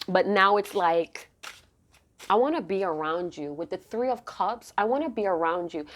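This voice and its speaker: A woman's voice: mid-range voice, a little hiss or hum. A woman tarot reader speaking straight to her viewers with a mid-range voice. She talks in a loose, rambling way, stops herself mid-sentence and starts over, and her feeling shows as she works through the cards. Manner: rambling, emotive, self-interrupting. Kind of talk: intuitive tarot reading to camera.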